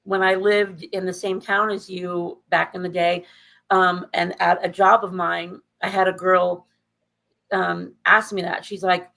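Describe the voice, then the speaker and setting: A woman in casual conversation who retells her experiences with animated emphasis, her voice jumping up when she makes a point. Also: fairly low pitch, a little slow, vocal fry, rough recording. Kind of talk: casual chat.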